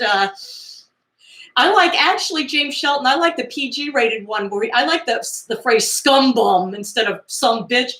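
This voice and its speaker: A woman's voice: on the high side, reverberant. Chatty woman recapping a movie. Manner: chatty, animated retelling with acted-out quotes and laughs.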